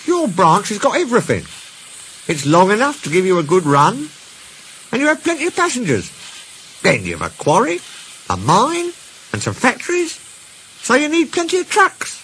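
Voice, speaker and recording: A man's voice: high-pitched, wildly swooping pitch, moderate pace, pauses often, a bit bright, slight background noise, voice pushed up, heavily acted, low-quality recording. A man voicing an eager young male steam engine, enthusiastic and a little wistful.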